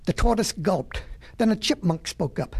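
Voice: medium pitch, expressive, moderate pace, creaky, darkish tone, husky. A storyteller reading a children's animal tale in a folksy way, with chatty asides to the listener.

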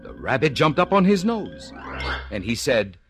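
A man narrating a rhyming storybook in a lively, playful storytelling manner. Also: medium pitch, normal speed. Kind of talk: storybook reading in rhyme. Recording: music playing behind.

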